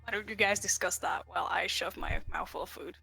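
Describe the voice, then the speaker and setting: A woman playing a tabletop game, asking timid, soft questions. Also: medium pitch, fairly even intonation, fairly quick, vocal fry, slightly rough, no room sound, faint music behind. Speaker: player. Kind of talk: casual game chat.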